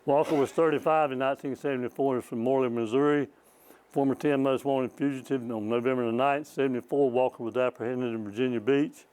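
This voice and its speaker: An older man with a drawl tells a long story in a library presentation. He rambles in a folksy way, stumbling over his words and chuckling at his own tales. His pitch sits right in the middle for a man. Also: fairly even intonation, a little fast, a little mellow, clear, resonant tone, low-quality recording. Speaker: former state trooper giving a presentation. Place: small public library talk.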